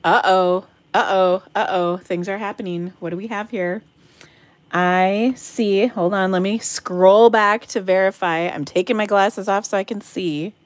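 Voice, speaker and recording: Middle-aged woman host, giggly and playful, slow unhurried delivery, livestream bingo caller. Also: medium pitch, fairly even intonation, no room sound. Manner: giggly, playful, breaks into silly singing. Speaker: host of an online craft workshop game night. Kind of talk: casual live-stream chat calling bingo. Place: home craft room.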